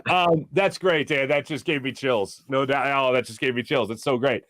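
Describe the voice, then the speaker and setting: A man's voice: mid-range voice, fairly bright tone, no room sound. Chatty male sports talk host, dry sound. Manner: enthusiastic, quick, chatty. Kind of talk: casual sports talk interview.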